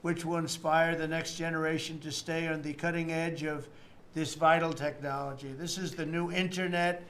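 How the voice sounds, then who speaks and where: A man's voice: fairly high pitch, little pitch movement, normal speed, a bit bright. An American man in his seventies speaks off the cuff in a slightly raised voice, rambling and repeating himself with boastful, mocking asides. A faint hum of room noise sits under his talk in an indoor meeting room. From United States. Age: 70s. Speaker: politician.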